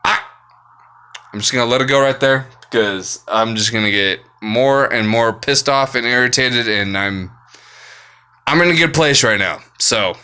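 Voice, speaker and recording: An adult vlogger who works full time rants angrily to camera in a profane monologue, swearing nonstop, exasperated and blunt. His medium-pitched voice is a little slow, bright, forceful, clear and resonant.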